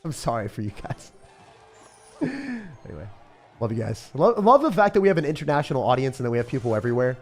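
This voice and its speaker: A young man commentating his own live game stream in a jokey, excitable way, bursting into shouts and laughter. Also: medium pitch, fast talker, soft background music. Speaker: gaming streamer.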